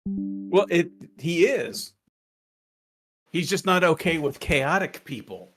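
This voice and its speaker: A man narrating as game master in a tabletop game, joking and punning as he slowly describes the scene. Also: a little high, lively intonation, a bit bright.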